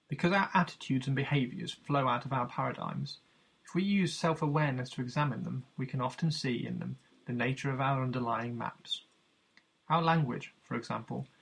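A man narrating his own book in a measured, earnest, teacherly way. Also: mid-range voice, gravelly, a bit bright, breathy edge, low-quality recording. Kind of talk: audiobook narration.

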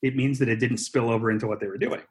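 A man's voice: medium pitch, fairly even intonation, very fast. An American man co-hosting a podcast, talking in a rambling, joking way with many restarts. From United States. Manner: rambling, self-interrupting, joking. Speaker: podcast co-host. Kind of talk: casual chat.

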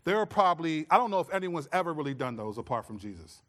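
Animated man preaching with twang. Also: on the high side, fast. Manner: animated storytelling, acts out his own scolding voice. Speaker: pastor. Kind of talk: sermon.

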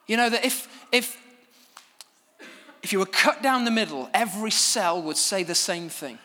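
A man preaching a sermon from a church stage, telling stories at his own expense in a lively way. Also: high-pitched, normal speed, in a large hall. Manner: animated, self-deprecating storytelling.

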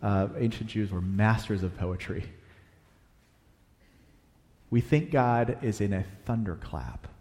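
A man preaching a sermon, animated, swinging between loud emphasis and hushed, quiet passages. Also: lowish voice, takes it slowly, pauses often. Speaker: pastor. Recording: long hall reverb.

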